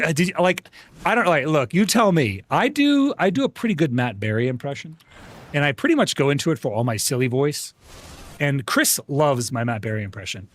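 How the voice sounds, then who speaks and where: A man chatting casually on a live gaming stream, upbeat and talkative, stumbling over and repeating words and calling people bro and dude. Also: mid-range voice. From United States.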